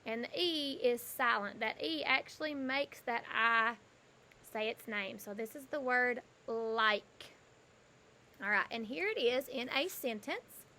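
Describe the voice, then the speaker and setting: A woman's voice: a little high, a little slow, bright, forceful tone. A woman teaching a kindergarten lesson, patient and repetitive, spelling words out letter by letter for young children. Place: home porch.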